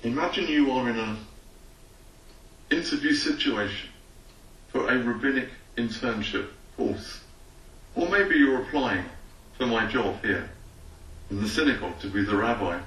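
A man's voice: medium pitch, unhurried, long pauses, distant mic. A man preaching a sermon as a rabbi, reading scripture, then acting out imagined conversations. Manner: reads scripture aloud, then preaches with lively acted-out voices. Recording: roomy echo from away from the mic.

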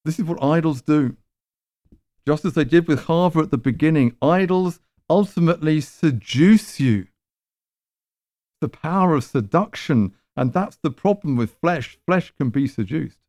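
A man's voice: on the high side, unhurried, a little mellow, no echo, clean studio sound. A man preaching a sermon in a conversational, emphatic way, with rhetorical questions.

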